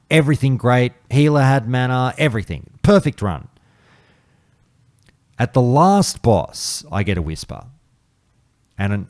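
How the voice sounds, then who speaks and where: A man's voice: on the low side, darkish tone, no room sound, studio quality. A man hosting a podcast, telling a gaming story in a blunt, profane, casual monologue. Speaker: podcast host.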